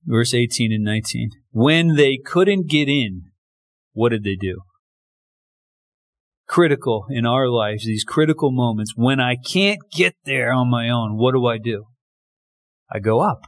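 A man's voice: medium pitch, expressive, measured pace, long pauses. Man preaching a casual sermon. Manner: conversational preaching, many restarts and acted quotes. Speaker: pastor.

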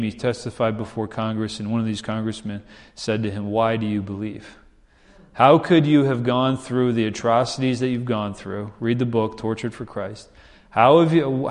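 A man's voice: mid-range voice, in a large hall. A man preaching a sermon with fervent, emphatic repetition that rises in bursts. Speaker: pastor.

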